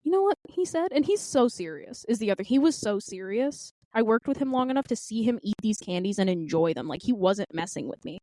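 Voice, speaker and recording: Animated young woman telling a story. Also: medium pitch, fairly quick, hardly any pauses, no echo. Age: 20s. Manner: intense, dramatic storytelling with acted-out quotes. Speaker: podcast co-host. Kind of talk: casual chat.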